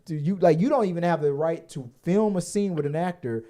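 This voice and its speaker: A man's voice: fairly high pitch, brisk, mellow. A man co-hosting a podcast in loose, rambling casual chat, joking and swearing freely. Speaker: podcast co-host.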